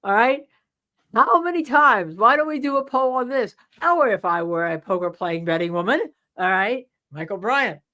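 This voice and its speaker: A woman co-hosting a live legal show, reading viewer questions and bantering about a trial in a brisk, teasing way. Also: fairly high pitch, animated, bright, forceful tone. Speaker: co-host of a legal livestream. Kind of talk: casual chat about a trial.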